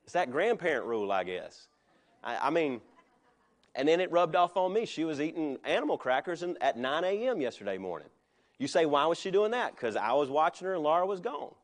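A man's voice: on the high side, sing-song, fairly quick. A middle-aged male pastor preaching a sermon in a conversational way, with joking asides.

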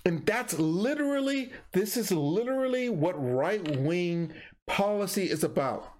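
A man's voice: sits high, expressive, a little slow, darkish tone, a little hiss or hum. A man giving casual reaction commentary on a political clip, exasperated and mocking, rambling with stumbles.

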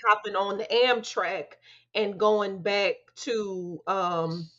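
A woman co-hosting a casual chat, talking bluntly in with animated, slangy rants. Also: medium pitch, slow. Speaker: podcast co-host. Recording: dull lo-fi sound.

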